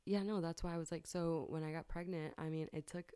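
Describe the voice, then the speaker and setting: This young woman's low voice has a warm tone and stays steady as she briskly shares a personal story. Her casual talk is frank and full of swearing, with laughter coming easily. The audio is clean and close, dry with no echo.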